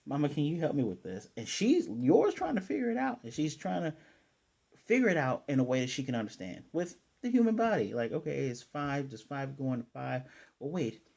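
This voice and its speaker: Mellow-voiced man recapping an anime. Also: medium pitch, very animated, moderate pace, creaky. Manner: chatty, self-correcting retelling with playful asides. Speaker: anime reviewer. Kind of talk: casual episode recap.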